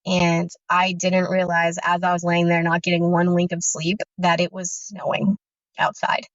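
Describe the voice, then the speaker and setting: A woman's voice: lowish voice, little pitch movement, normal speed, no echo. A woman in her thirties telling her own story in an earnest, intense first-person account of fear, remembered in vivid detail. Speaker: guest sharing her story. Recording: dull, dry lo-fi audio.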